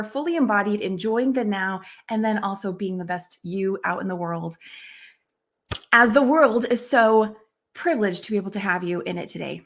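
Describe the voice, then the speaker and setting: A woman hosting a podcast, upbeat with guests and soothing when she leads a reflection. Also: mid-range voice. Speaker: podcast host.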